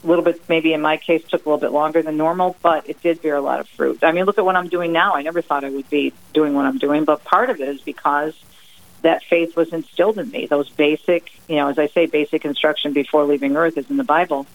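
A middle-aged woman from New Jersey, a guest author on a radio interview, telling family stories in a lively, emphatic way. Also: deep voice, quick pace, phone-quality sound. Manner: lively, emphatic, acts out her mother's sayings. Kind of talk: radio interview, personal storytelling.

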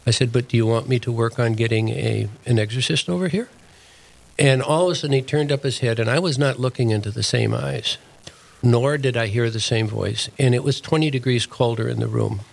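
A man's voice: mid-range voice, fairly quick, creaky, poor audio. An older man, a deacon and prison chaplain, telling a story in plain, earnest words as an interview guest.

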